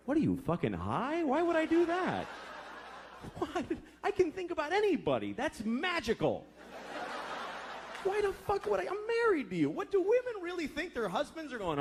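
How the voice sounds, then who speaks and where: Animated profane stand-up comic man. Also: very high voice, normal speed. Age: 30s. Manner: profane, exasperated, acts out quoted voices. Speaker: stand-up comedian. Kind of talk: stand-up comedy routine. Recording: noisy live club recording.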